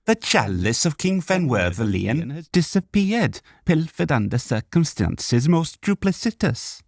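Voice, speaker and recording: Casting: pompous Welsh-accented elf ambassador, played by a man, high-pitched, indignant and flowery. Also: very animated, unhurried, creaky, no echo, clean studio sound, exaggerated voice. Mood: outraged. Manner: outraged, ornate diction.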